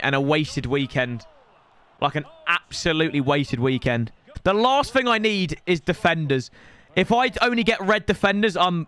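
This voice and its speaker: A man's voice: on the high side, fairly bright tone, smooth. A man, commentating his own game on a live stream in an exasperated, ranting way.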